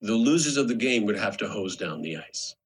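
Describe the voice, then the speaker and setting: A man's voice: on the low side, animated, brisk, slight background noise, low-quality recording. A middle-aged man from Alberta, Canada, hosting a podcast and telling rambling anecdotes in casual chat. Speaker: podcast host.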